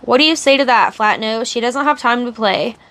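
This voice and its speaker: Cruel, sneering male henchman, soft-voiced menace, read by a woman in a slightly high voice. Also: a little fast. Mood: menacing. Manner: sneering, taunting.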